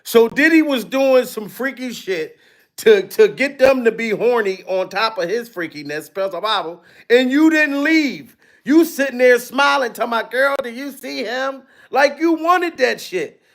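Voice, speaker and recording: A man hosting a live-stream commentary show, loud and profane, laughing and mocking as he reacts to clips and reads out viewer donations. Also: very high-pitched, expressive, normal speed. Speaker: livestream commentary host.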